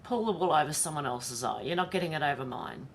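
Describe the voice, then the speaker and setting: An Australian woman hosting a casual livestream, chatting and reacting out loud. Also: deep voice, expressive, fast, slight background noise. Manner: chatty, reads comments aloud and reacts with laughs. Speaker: livestream host.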